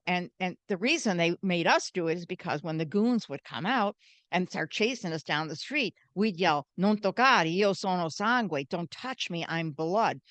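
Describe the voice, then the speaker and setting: An older American woman, a guest, telling animated stories and acting out the voices in them. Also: lowish voice, no room sound. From United States. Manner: animated, acts out quoted voices. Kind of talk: storytelling interview.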